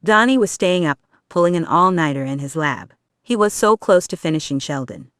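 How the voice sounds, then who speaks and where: A reader narrating a fan fiction audiobook in a steady storytelling way. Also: mid-range voice, normal speed, clear, resonant tone, dry recording, studio quality.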